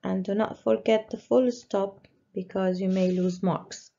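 A woman teacher slowly walking young pupils through a worksheet, patiently stressing each word. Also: mid-range voice, steady tone, gravelly, mellow. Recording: dull lo-fi recording.

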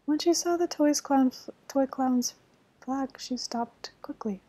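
A woman reading a children's bedtime story in a soft, soothing whispered role-play. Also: high-pitched, a little slow, dry recording, rough recording.

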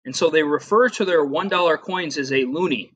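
Middle-aged male teacher, casual rambling lecture, bright tone, pitched a bit high. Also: fairly quick, a little hiss or hum. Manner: chatty, rambling, with frequent fillers and asides. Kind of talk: casual classroom lecture over slides.

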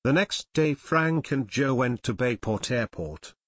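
A man's voice: medium pitch, unhurried, dry recording. Dry, close male audiobook narrator. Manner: steady storytelling. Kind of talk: scripted narration.

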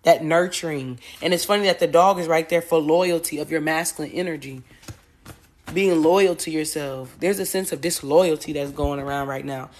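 A woman with a slightly low voice gives a casual tarot reading monologue. She talks bluntly and swears freely. She rambles through asides and turns emphatic when making a point. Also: moderate pace, a little mellow. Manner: blunt and profane, grows emphatic. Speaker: tarot reader.

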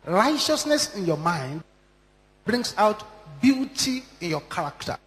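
A man delivers a sermon in a strikingly high voice, hammering his points with repeated lines that climb and fall. His words ring out with the long reverb of a large church hall. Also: big pitch swings, unhurried, a bit bright. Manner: emphatic, repeating lines with strong rises and drops. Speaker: preacher.

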